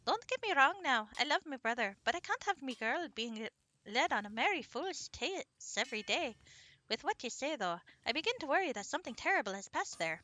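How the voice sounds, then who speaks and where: A woman voicing a tiny pixie in a squeaky voice with a mock Irish-Scottish accent. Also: sing-song, a little fast, bright, forceful tone, full character voice. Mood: chirpy. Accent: mock Irish-Scottish mix. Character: tiny high-pitched pixie with a mock Celtic lilt.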